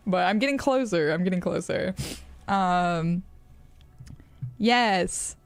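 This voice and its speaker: With a fairly low voice, an American woman takes it slowly as she live-streams a game and talks casually. Her chat is rambling and giggly, loaded with fillers and laughter, and the recording has no room sound.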